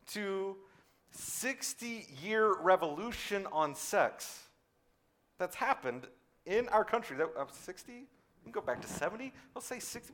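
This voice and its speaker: Preaching a sermon, this male pastor alternates between booming, emphatic statements and hushed, low asides. To stress a point, he repeats words.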